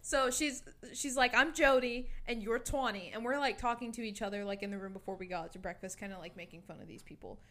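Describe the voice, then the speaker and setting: A young woman in her twenties telling a lively story in casual chat, swearing freely and quoting her friend. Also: mid-range voice, fast talker, few pauses. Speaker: guest storyteller.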